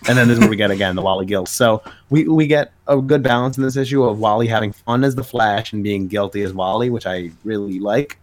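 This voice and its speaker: A man's voice: on the low side, quick pace, few pauses. A man co-hosting a podcast, recapping a comic issue in casual chat with many filler words. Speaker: podcast co-host.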